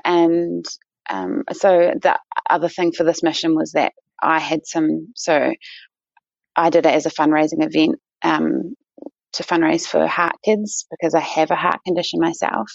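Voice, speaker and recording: Her voice is deep, gravelly, and a little mellow, with no echo, on a dull, dry, lo-fi recording. She's a New Zealand endurance runner, a guest chatting casually in an interview with frequent fillers and restarts.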